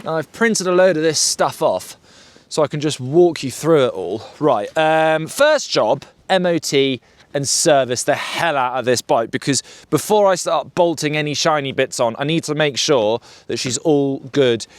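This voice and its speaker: British man, motorbike vlogger, jokey slangy banter, slightly high voice, dry close sound. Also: animated, moderate pace, no echo. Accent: British English. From United Kingdom. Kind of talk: casual chat to camera.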